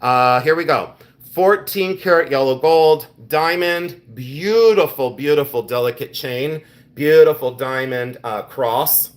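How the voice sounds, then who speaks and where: A middle-aged man hosting a live jewelry sale stream, talking in quick exclamations as he shows each piece. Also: medium pitch. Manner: exclamatory, enthusiastic show-and-tell.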